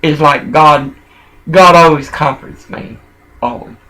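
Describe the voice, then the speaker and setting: An older man in a rambling personal monologue, jumping between thoughts and swinging from muttering to loud outbursts. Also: fairly high pitch, slow, rough recording.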